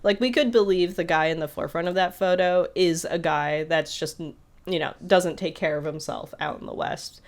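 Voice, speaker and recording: On a podcast she co-hosts, a woman with a lowish voice retells a story at a moderate pace. Her telling is casual and rambling, packed with fillers, and animated throughout.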